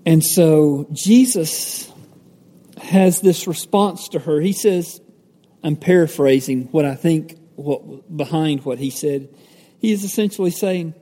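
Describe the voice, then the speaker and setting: A pastor giving a sermon, teaching from the Bible in a conversational way, with fillers and self-corrections. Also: male voice, fairly high pitch, slow, warm tone. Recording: echoey hall with long reverb.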